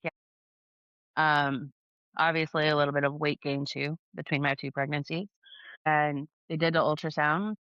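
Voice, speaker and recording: A woman's voice: low voice, a bit bright, dry recording, muffled recording. A woman in her thirties, a podcast guest telling her story casually, acting out dialogue and saying "like" a lot. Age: 30s. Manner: chatty, acts out dialogue with lots of "like".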